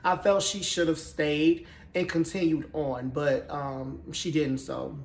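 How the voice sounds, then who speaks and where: A man with a high voice recaps a TV episode in a sassy, profane, gossipy way. He tells it with animated flair. The room around him is echoey. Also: slow pace, vocal fry. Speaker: TV show recap reviewer.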